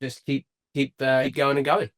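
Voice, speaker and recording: A man's voice: medium pitch, flat delivery, moderate pace. Cheerful English man chatting. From England. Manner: cheerful, chatty, laughs often. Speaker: guest. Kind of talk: casual interview chat.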